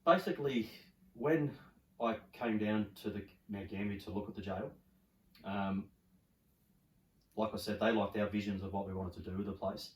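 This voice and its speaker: A middle-aged Australian man, a podcast guest, telling stories in animated, casual chat and swearing freely. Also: on the low side, moderate pace, pauses often. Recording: roomy, from a distance.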